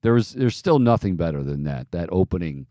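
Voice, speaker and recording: A man's voice: sits low, sing-song, brisk, mellow, no room sound, clean studio sound. A man hosting a sports betting show, giving opinionated picks in a loose, joking casual talk.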